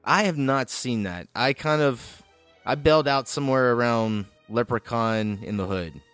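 A man in the host's chair of a film podcast, his voice sitting at an ordinary middle pitch. He talks loosely and casually, with lots of ums and restarts. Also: moderate pace, fairly bright tone, clear, resonant tone, no echo, soft background music. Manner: laid-back, chatty, many fillers. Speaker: podcast host. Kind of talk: casual chat.

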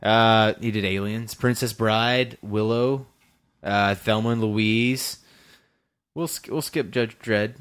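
A man hosting a film podcast in casual chat. He is animated and opinionated, and he swears freely. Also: lowish voice, slow pace, smooth. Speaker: podcast host and film editor.

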